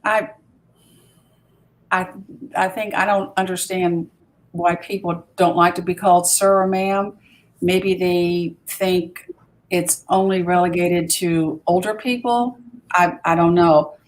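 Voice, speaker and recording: A woman's voice: lowish voice, steady tone, slow pace. A woman co-hosting a casual livestream chat over a video call, easygoing and conversational.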